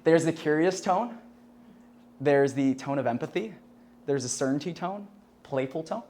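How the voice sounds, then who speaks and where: A young man teaches a sales class to a live classroom audience, keeping it loose and chatty with plenty of "like" and "right?", casual swearing, and laughter at his own jokes. His voice sits a little high with lively intonation, a moderate pace, and a darkish tone, plus a slight hiss or hum.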